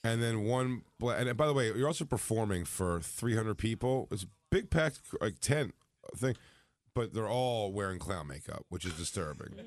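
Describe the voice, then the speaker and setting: A man's voice: fairly low pitch, normal speed, dry recording. A comedian telling a funny story in a casual chat, acting out the people he quotes. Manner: animated, acts out quotes with laughter. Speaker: comedian guest.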